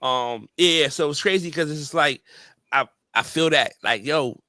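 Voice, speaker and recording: A man's voice: a little high, normal speed, bright, forceful tone, no echo. A man hosting a podcast, telling stories in casual chat with heavy slang and fillers. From New York area. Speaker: podcast host.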